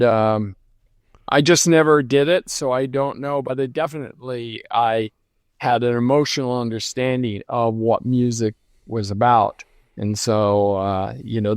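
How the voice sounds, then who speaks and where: A man in his seventies, a guest in an interview, telling stories from his career in a reflective, unhurried way with many pauses and restarts. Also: medium pitch, a little mellow, clear, resonant tone, no room sound. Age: 70s. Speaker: lighting designer guest. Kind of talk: conversational interview storytelling.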